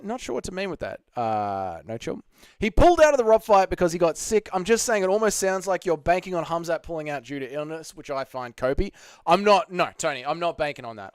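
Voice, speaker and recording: A man's voice: a little high, clean tone, no echo, clean studio sound. An Australian man hosting a live stream, answering chat in a blunt, sarcastic, swearing way.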